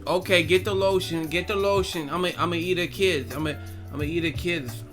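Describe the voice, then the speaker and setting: A man putting on an impression of an erratic, outlandish heavyweight boxer with high, exaggerated outbursts. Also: a little fast, fairly bright tone, soft background music. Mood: wild.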